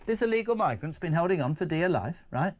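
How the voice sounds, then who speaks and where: Sixties male talk host, slightly high voice, emphatic and sarcastic, studio mic. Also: fairly quick. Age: 60s. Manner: animated, incredulous, emphatic ranting with sarcastic asides. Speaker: radio talk show host. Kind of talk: live talk radio presenting. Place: broadcast studio.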